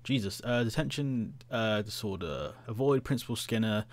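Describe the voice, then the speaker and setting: A man's voice: mid-range voice, moderate pace, no room sound. A man giving casual let's-play commentary, jittery, chatty and self-mocking as he plays. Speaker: gameplay commentator.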